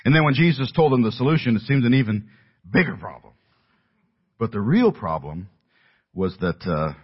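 A man delivers an earnest sermon in a low, husky voice. He leans hard on key words and builds to emphatic peaks. The recording sounds dull and lo-fi. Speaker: preacher. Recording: dull lo-fi audio.

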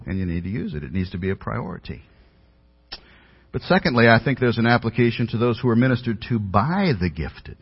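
Husky-voiced pastor preaching in a hall. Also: male voice, medium pitch. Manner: earnest, self-deprecating storytelling. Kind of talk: sermon. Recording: dull audio with long hall reverb.

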